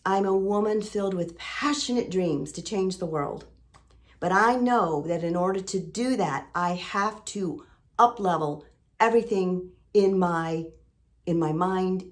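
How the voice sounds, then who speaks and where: A middle-aged woman vlogging a heartfelt motivational monologue, earnest and emotional, repeating phrases for emphasis. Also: on the low side. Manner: earnest, emotional, full of sailing metaphors. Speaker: lifestyle vlogger.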